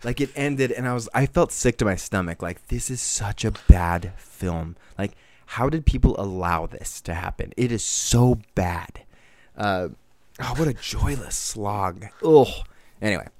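A man co-hosting a podcast in casual chat, excitable and rambling, full of fillers and restarts. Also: lowish voice, a little slow, no echo. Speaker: podcast co-host.

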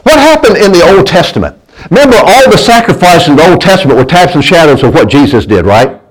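A preacher man with a somewhat high voice delivers a folksy sermon. He keeps asking his congregation for answers and trips over and repeats his words as he pushes his point. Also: lively intonation, fast talker, rough recording. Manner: folksy preaching with call-and-response and stumbling restarts. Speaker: pastor.

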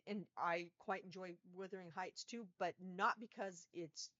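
Low-voiced woman with wry asides. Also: steady tone, measured pace, pushed and bright, dry recording. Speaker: podcast co-host. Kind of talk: casual book discussion. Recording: dull lo-fi recording.

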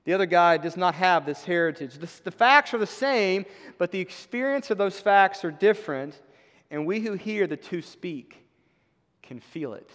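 A man with a fairly high voice delivers a sermon in a church. His talk is conversational and emphatic, with dry asides, and a long reverb trails his words. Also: animated, normal speed, a bit bright. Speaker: pastor. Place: church sanctuary.

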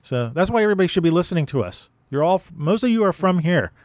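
A man's voice: high-pitched, expressive, quick pace, darkish tone, dry recording. A man from Manhattan, co-hosting a casual podcast in a jokey, easygoing way. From Manhattan, New York. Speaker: podcast co-host.

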